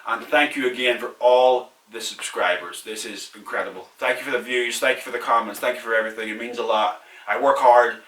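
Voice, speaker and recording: A man's voice: medium pitch, fairly even intonation, brisk, a bit bright, reverberant, far from the mic. A young Irish man casually answering viewer questions in a vlog, candid and chatty, laughing at himself.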